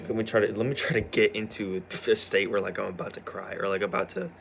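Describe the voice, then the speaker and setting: A young man with a fairly low voice talks to camera in a loose, halting vlog ramble. He is worn out from a sleepless night and keeps circling back with fillers and false starts. A faint hiss runs under the recording. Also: steady tone, gravelly, fairly bright tone. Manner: hesitant, full of restarts and "like". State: tired after staying up all night. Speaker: vlogger.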